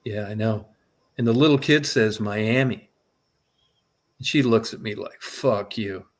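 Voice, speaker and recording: A middle-aged man telling a long personal story in casual talk, swearing often and speaking with animated energy. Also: fairly low pitch, a little slow.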